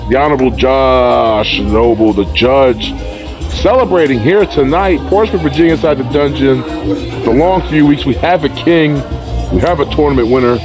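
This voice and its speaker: A man calling play-by-play for an indie wrestling show, excitable and joking, rising to shouts. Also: mid-range voice, moderate pace, music in the background. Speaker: wrestling commentator. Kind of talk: play-by-play commentary.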